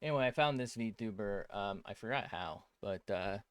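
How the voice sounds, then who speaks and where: A man with a lowish voice talks loosely on a drawing stream, drifting between thoughts and breaking off mid-sentence. He swears casually as he works on a tablet. The sound is dry and close, with almost no room around it. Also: lively intonation, normal speed, clean tone, dry recording. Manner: rambling, self-interrupting, swears freely. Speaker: art streamer. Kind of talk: casual rambling stream chat.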